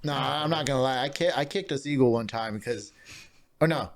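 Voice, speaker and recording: A man co-hosting a casual podcast, telling profane stories with lots of laughter and quick put-on voices. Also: medium pitch, creaky, noisy background. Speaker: podcast co-host.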